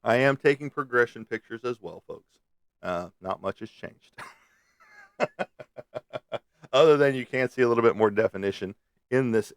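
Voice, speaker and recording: A man's voice: fairly low pitch, smooth, dry recording, studio quality. A middle-aged man chatting on a live stream from a room at home, blunt and profane, rambling between topics. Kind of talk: casual live stream chat. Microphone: webcam on a live stream.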